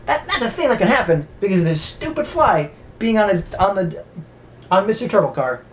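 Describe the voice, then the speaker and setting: A woman's voice: medium pitch, very animated, brisk, slight background noise. A woman casually recapping a horror movie, rambling, stammering often and swearing freely. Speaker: movie reviewer.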